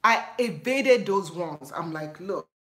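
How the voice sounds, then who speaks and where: A woman with a Nigerian accent telling a story on her vlog in an animated, laughing way. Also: mid-range voice, moderate pace. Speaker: vlogger. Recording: echoey room.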